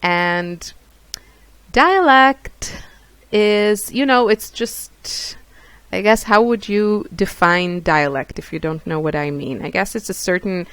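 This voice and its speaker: A woman's voice: fairly low pitch, a little slow, clean tone, dry recording. A woman from Israel, a craft vlogger, chatting casually to camera with a hesitant, self-deprecating manner and many fillers. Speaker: craft YouTuber.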